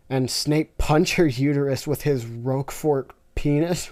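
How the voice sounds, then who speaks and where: A woman reading weird fanfiction aloud with deadpan, sarcastic asides. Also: low voice, a little slow. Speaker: fanfiction reader. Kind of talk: comic reading with reactions.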